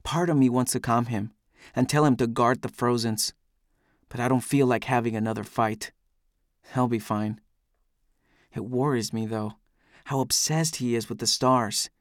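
A man's voice: medium pitch, fairly even intonation, moderate pace, long pauses, no echo, studio quality. Man narrating a brooding audiobook. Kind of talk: first-person audiobook narration.

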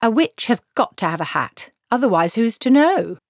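A woman's voice: a little high, big pitch swings, normal speed, dry recording, clean studio sound, pitched above the performer's own voice. A woman voicing a stubborn old village witch who talks bluntly and matter-of-factly. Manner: blunt, no-nonsense, matter-of-fact.

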